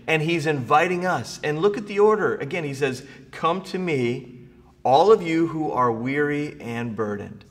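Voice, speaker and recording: A middle-aged man preaching a sermon as pastor, moving from quiet storytelling to rising, emphatic preaching. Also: on the high side, lively intonation, moderate pace. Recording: long reverb of a large hall.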